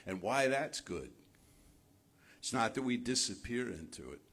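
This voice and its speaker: A male minister giving a sermon in a spiritual center, asking his listeners rhetorical questions in a measured, reflective way. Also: mid-range voice, very animated, fairly bright tone.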